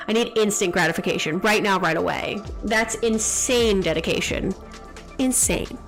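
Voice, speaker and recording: A woman's voice: medium pitch, soft background music. A young woman streaming a game, chatting casually and teasing the viewers in chat. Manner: chatty, reads chat aloud, quick jokes and teasing.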